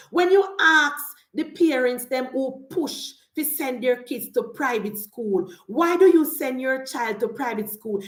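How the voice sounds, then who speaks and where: Jamaican woman vlogger, high and insistent, hammering her point in patois-tinged talk, roomy echo. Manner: emphatic, repeats rhetorical refrains. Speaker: political commentator. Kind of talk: casual political rant.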